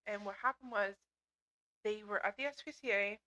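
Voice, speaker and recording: Bright-voiced young woman in slangy chat. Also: mid-range voice, steady tone, normal speed, low-quality recording. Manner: casual, slangy, swears freely, calls others dude. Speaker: podcast co-host. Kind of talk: casual chat.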